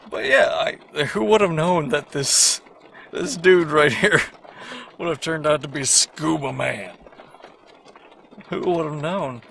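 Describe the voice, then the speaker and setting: A man casually commenting on his own animated series, rambling, swearing and poking fun at himself. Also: fairly high pitch, measured pace, creaky, slight background noise. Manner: rambling, profane, self-mocking. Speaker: creator of an animated web series.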